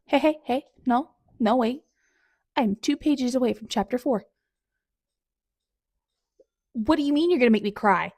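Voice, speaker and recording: A woman with a fairly high voice talks through a book as she reads it, reacting with dramatic outbursts aimed at the author. Now and then she drops to a whisper. The sound is dry and close, with no room echo. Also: expressive, normal speed, pauses often, a little mellow. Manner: dramatic, exclaiming at the author, sometimes dropping to a whisper. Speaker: book vlogger. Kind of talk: casual live reading reactions.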